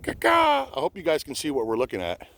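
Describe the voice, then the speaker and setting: A man's voice: mid-range voice, wildly swooping pitch, racing, gravelly, a little mellow. An older man, a retired police officer, ranting bluntly and profanely to the camera while out on a boat in a swamp. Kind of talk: outdoor rant.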